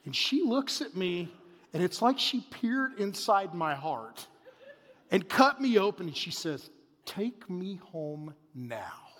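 A man in his forties preaching a sermon, telling a family story in an animated way that swings between loud bursts and hushed asides. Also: sits high, unhurried. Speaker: pastor. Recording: reverberant hall.

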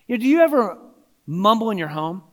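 A man's voice: high-pitched, very animated, fairly quick, a bit bright. A married man preaching a sermon in a conversational way, with frequent asides and small restarts. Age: adult, married. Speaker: pastor.

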